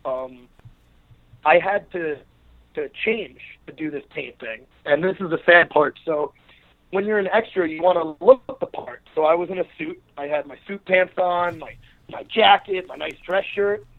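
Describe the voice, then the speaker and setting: A man's voice: on the high side, moderate pace, gravelly. A man, a podcast guest, telling a long story in a rambling casual way with many fillers and restarts. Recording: narrow phone-like line.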